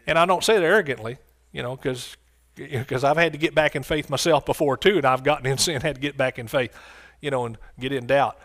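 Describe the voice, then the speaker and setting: A man's voice: mid-range voice, brisk, fairly bright tone. A man from the United States preaching a sermon, emphatic, repeating his phrases and calling out to his listeners.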